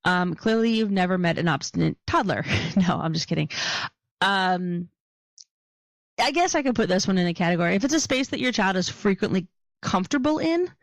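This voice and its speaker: A woman's voice: mid-range voice, lively intonation, brisk, no echo. A woman with a Philadelphia accent, a podcast co-host chatting casually and joking as she goes. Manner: chatty, joking, laughs often. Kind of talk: casual chat.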